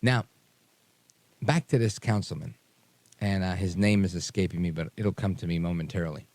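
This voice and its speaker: A man hosting a radio talk show, telling stories in a chatty, animated way into a studio microphone. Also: sits low, normal speed, no room sound. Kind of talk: casual radio monologue.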